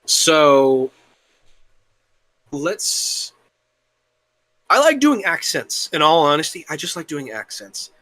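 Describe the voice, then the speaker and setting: A young man talking casually as an interview guest, rambling and halting, with the occasional curse. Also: on the high side, sing-song, pushed and bright, no room sound. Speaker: guest, worldbuilding creator.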